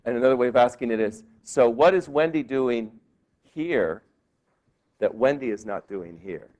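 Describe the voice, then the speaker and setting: A male law professor giving a classroom lecture, lively and quizzing his students with questions. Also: medium pitch, normal speed. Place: law school lecture hall.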